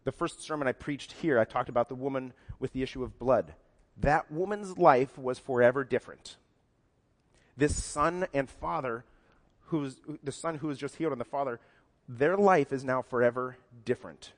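Pastor preaching in a reverberant hall. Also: male voice, medium pitch, moderate pace. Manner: conversational, acts out quotes in varied voices. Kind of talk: sermon.

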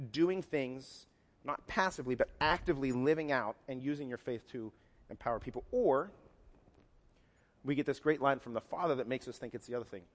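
Male pastor, mid-pitched, conversational sermon with acted-out quotes, large echoing church. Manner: conversational, acts out quotes in varied voices. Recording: long hall reverb.

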